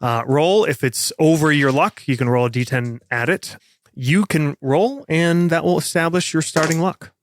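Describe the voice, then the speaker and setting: Animated guy running the game, talks a little high, dry close mic. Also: normal speed, no echo. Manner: rambling, joking. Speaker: game master. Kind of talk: casual chat.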